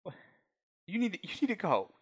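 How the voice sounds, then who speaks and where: A man's voice: very animated, brisk, breathy edge, exaggerated voice. A man putting on a frantic weeping woman. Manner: frantic, shrill, shouting. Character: distraught childless woman, tearful and lashing out.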